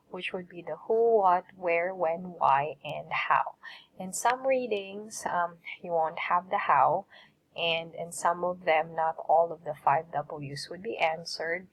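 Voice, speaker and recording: Woman teacher, lower-pitched, patient, drills vocabulary for class. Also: rough recording. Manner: patient, repeats words for students. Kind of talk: recorded classroom lesson.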